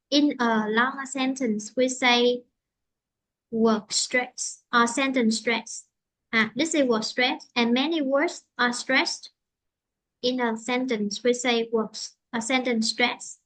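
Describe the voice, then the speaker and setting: A woman teaching an English lesson, explaining slowly and patiently with many fillers. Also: sits high, a bit bright, low-quality recording.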